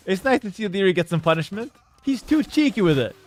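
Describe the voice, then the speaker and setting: A man casting a strategy game tournament live, casual and opinionated, breaking into excited shouts at big plays. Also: high-pitched, a little fast. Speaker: esports caster.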